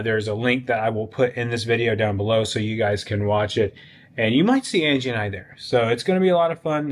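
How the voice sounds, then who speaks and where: A man narrating a walking vlog outdoors at a theme park event, excited and chatty, talking straight to his viewers. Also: medium pitch. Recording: crowd noise behind.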